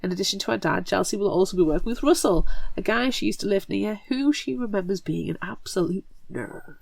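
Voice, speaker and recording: Chatty woman with a gravelly edge. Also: medium pitch, animated, a little fast, a little mellow, dry recording. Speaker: podcast co-host. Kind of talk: casual book podcast chat, reading a plot summary.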